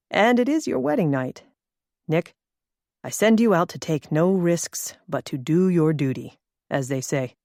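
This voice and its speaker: A woman voicing a menacing wealthy man who speaks with smooth, false graciousness. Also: sits low, a little mellow, no room sound, studio quality. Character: smooth, menacing older rich man, villain.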